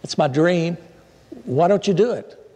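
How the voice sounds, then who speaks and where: A man's voice: high voice, lively intonation, measured pace, a little mellow. A man voicing a worried male office worker who doubts himself, in an echoey church hall. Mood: earnest, anxious.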